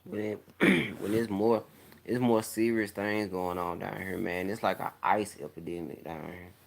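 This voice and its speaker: A man talking candidly in a laid-back, rambling monologue, clearing his throat often. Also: on the low side, fairly even intonation, normal speed, a little hiss or hum. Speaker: vlogger. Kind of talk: casual monologue to camera. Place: home, smoking while talking.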